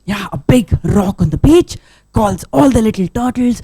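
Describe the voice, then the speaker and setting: A woman telling a story to children at a live event, bouncing her fairly high voice up and down. She peppers the tale with playful sound effects and keeps asking her young listeners questions. Her voice sounds close and dry, with hardly any room around it. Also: normal speed, slightly rough, no room sound. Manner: animated, asks the audience questions, sound effects.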